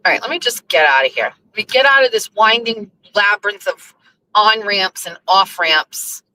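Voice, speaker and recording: A chatty woman talks to her viewers from behind the wheel, rambling and blunt, with a bright, forceful edge to her voice. She sounds overwhelmed and emotional, and faint noise hums in the background. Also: mid-range voice, expressive, moderate pace, rough recording. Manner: chatty, scattered, blunt and profane. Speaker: host. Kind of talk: casual live-stream chat while driving. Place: car, driving.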